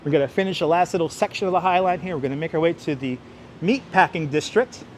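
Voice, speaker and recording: Male livestream host, high voice, playful and jokey, walking outdoors on a wireless lapel mic with faint traffic noise. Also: fast. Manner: jokey, breaks into playful singing, reads out viewer names. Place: outdoors on an elevated city park walkway. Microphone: wireless clip-on mic, phone on gimbal.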